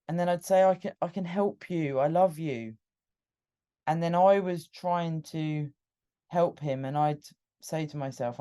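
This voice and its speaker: Candid British woman with a mellow voice. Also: deep voice, measured pace, clear, resonant tone. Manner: candid and emotional, with frequent restarts. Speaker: podcast host. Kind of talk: personal storytelling monologue.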